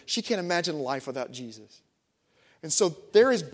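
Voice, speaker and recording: A man preaches to his congregation, his voice pitched a little high for a man. He tells his story with feeling, dropping to a hush and then rising to emphatic peaks. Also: very animated, moderate pace. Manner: storytelling, swings from hushed to emphatic. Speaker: pastor. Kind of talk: sermon. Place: church sanctuary.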